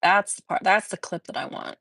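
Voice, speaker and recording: A woman's voice: medium pitch, fairly quick, creaky, fairly bright tone, no room sound, studio quality. A woman chatting casually on a live stream, rambling and laughing often as she talks.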